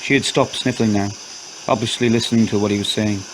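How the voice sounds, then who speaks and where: A man narrating a scripted horror story in a steady, measured way. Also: on the low side, noisy background.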